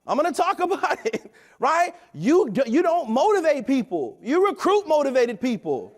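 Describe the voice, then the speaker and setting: Guy in his 30s with a really high voice, preachy pep talk, keeps saying right?. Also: sing-song, moderate pace. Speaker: motivational speaker at a company event. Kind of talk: motivational talk.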